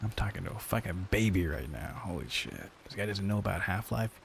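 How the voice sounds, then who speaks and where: Man, streamer, casual chat, swearing a lot, mock-grumpy rant, raspy fry in the voice, fairly deep. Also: expressive, brisk, slight background noise. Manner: profane, ranting, mock-grumpy joking.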